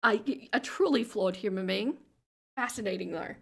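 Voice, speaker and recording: An Australian woman hosting a livestream, chatting casually as she reads viewer comments aloud, with vocal fry in her lower register and frequent laughter. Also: moderate pace, a bit bright. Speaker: livestream host.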